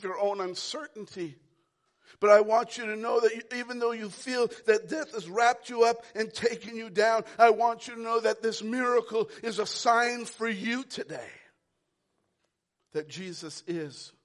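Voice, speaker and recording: High-voiced man preaching with big swings. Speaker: pastor. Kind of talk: sermon.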